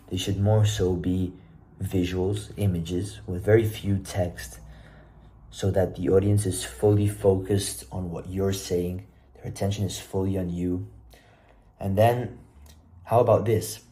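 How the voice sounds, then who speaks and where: Young man, very low and even voice, mellow tone, casual self-recorded tips. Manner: relaxed, conversational, self-deprecating. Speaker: presenter giving speaking tips. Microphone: self-recording camera.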